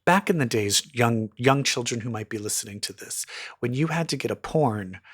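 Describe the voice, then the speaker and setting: A man's voice: mid-range voice, lively intonation, normal speed, slightly rough. A man in his forties co-hosting a podcast, chatting casually with rambling, crude jokes that trail off into laughter. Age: 40s. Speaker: podcast co-host. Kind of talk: casual chat.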